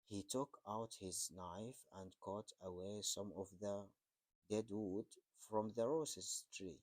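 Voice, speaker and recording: Male storybook reader, unhurried and deliberate, dry close-miked sound. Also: lowish voice, darkish tone, no echo. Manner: slow, deliberate, halting with restarts. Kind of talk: storybook reading.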